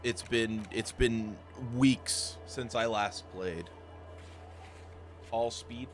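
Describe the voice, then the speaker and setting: A man's voice: on the low side, extremely slow, music in the background. A man who is under the weather, casually commentating a game playthrough with joking, self-deprecating asides. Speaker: gaming streamer. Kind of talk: casual let's-play commentary.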